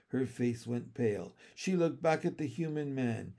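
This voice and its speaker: A man reading a storybook aloud as its narrator, in an expressive, unhurried way. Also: medium pitch, gravelly.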